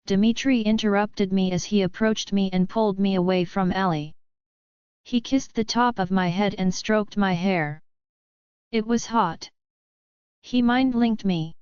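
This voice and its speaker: A woman reading a romance audiobook in steady first-person narration. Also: medium pitch, unhurried, clean tone, no echo, dull audio.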